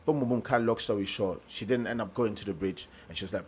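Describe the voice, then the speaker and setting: A young German man with a fairly low voice talks fast, with a slight hiss or hum in the background. He's a motivational speaker telling his story in a casual interview. He tells it like an animated storyteller, acting out the voices of the people he quotes.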